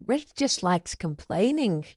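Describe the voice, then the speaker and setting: Woman voicing lesson examples, slow and lively, dry close sound. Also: mid-range voice, dry recording. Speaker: example sentence reader. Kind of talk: scripted example readings.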